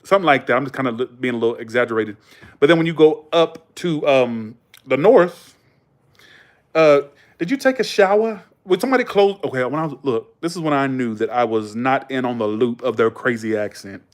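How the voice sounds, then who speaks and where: A Southern US man with a Southern accent rambles casually on a live stream, swearing freely as he tells stories. His voice is medium in pitch and fairly quick.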